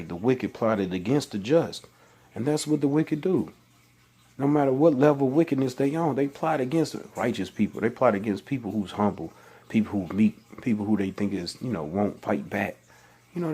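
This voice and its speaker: A man's voice: medium pitch, animated, fairly quick, dark tone, breathy edge. A man reading scripture aloud and preaching about it in loose, everyday speech, with many restarts and exasperated questions. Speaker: religious vlogger. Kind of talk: informal scripture talk.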